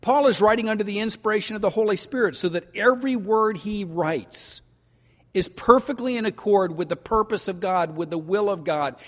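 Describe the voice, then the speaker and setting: An older man preaching a sermon as pastor, folksy and animated, stretching out key words for emphasis. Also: high voice. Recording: long reverb of a large hall.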